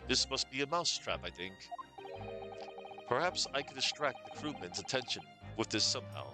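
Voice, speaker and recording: A man voicing an earnest, polite young law student who reasons aloud in measured steps, with game music behind. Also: medium pitch, animated, close to an everyday voice.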